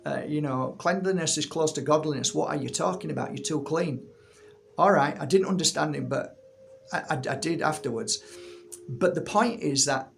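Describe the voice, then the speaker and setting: Gravelly animated man. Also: on the high side, slight background noise. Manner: animated, repeats words, rants. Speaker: healer and channel host. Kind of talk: casual monologue to viewers. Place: room at home.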